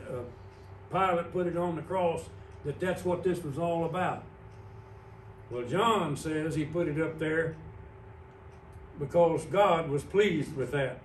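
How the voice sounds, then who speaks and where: A man's voice: fairly high pitch, slow pace, long pauses, a little hiss or hum. A man preaching an evening sermon as pastor, explaining words on a screen step by step. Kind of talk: evening sermon with Bible teaching. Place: church sanctuary. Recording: roomy church sound from a distant mic.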